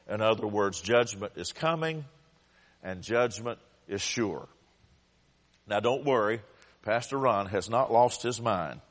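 A man's voice: lowish voice, lively intonation, measured pace. A man preaching as pastor, reading Scripture with dramatic, crying-out intensity. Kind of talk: sermon. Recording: long hall reverb.

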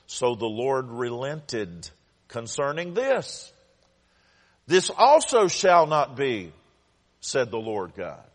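A man preaching as pastor, reading Scripture with dramatic, crying-out intensity. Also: medium pitch. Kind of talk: sermon. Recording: long hall reverb.

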